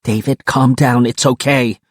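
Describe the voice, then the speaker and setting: A man voicing a calm teenage girl who talks a frightened boy through a crisis, coaxing and steady, in an audiobook reading. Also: medium pitch, a little slow, no echo, studio quality, close to an everyday voice. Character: teen girl, gentle but persuasive.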